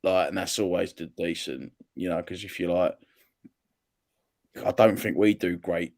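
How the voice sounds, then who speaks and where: A man's voice: sits low, steady tone, unhurried, creaky, darkish tone, no echo, studio quality. A man from England chatting casually about football, rambling with lots of fillers and casual swearing. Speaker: podcast co-host.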